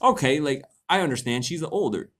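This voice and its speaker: A man's voice: a little high, animated, a little fast, fairly bright tone. A young man hosting a casual livestream, reading posts aloud, laughing often and swearing casually.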